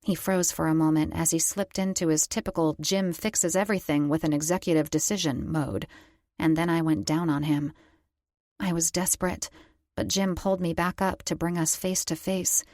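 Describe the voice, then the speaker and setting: A woman narrating a first-person romance audiobook with a slightly low voice and a wry, conversational way of telling. The recording is close-miked and dry, with no room sound. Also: steady tone, moderate pace, a little mellow, no echo.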